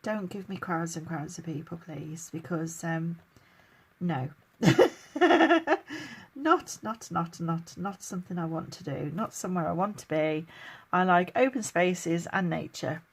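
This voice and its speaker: A woman's voice: lowish voice, measured pace, breathy edge. Chatty, weary middle-aged English woman. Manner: chatty, laughs often, emotional at times. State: tired, chronically ill. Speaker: vlogger. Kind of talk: casual get-to-know-me Q&A.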